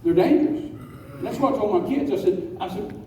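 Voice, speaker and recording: A man preaching a folksy storytelling sermon, slowing down to stress key words. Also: high-pitched, expressive, mellow. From West Texas. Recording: echoey hall, distant mic, faint noise.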